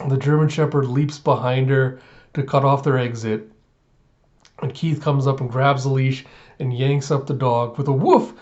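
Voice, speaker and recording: A man's voice: medium pitch, steady tone, moderate pace, a little mellow. A young man hosting a casual reaction video, chuckling often and filling with uhs. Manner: chuckling, many fillers. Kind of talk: casual chat. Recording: slightly muffled lo-fi audio.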